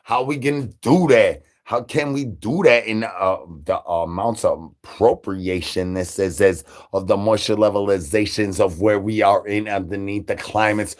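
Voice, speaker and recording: A man's voice: on the low side, normal speed, hardly any pauses. A man delivering absurd comedy, rambling through nonsense with rhyming wordplay and stutters. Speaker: comedy channel creator.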